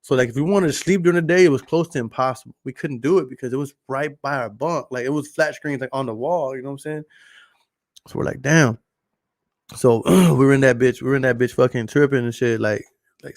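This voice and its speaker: Profane Texan podcast host, dry close mic. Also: male voice, medium pitch, quick pace, gravelly, no echo. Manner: profane, storytelling, repeats phrases for emphasis. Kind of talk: casual late-night podcast monologue.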